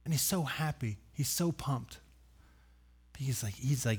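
A man preaching a sermon, telling the story with animated acted-out voices, loud sudden bursts and dry joking asides. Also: mid-range voice, measured pace, slightly rough. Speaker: pastor.

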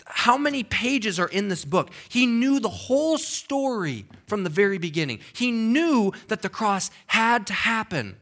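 A man's voice: high-pitched, big pitch swings, unhurried, hardly any pauses, a bit bright. A man preaching a sermon as pastor in a church, conversational and emphatic, often checking in with the congregation. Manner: conversational, emphatic, with frequent okays and restarts.

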